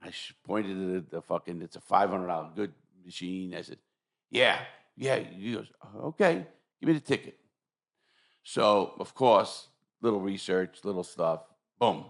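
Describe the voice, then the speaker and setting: Man, podcast host, casual chat, swears a lot, acts out quotes, lowish voice. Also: moderate pace. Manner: profane, animated storyteller who acts out quotes.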